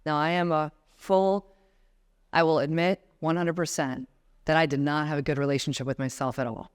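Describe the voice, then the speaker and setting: A woman in her 40s, invited as a guest speaker, talks to a seated audience in a conference room with a low-pitched, steady, clean-toned voice at a moderate pace. Her motivational talk has her guiding everyone through breathing exercises and speaking to them directly.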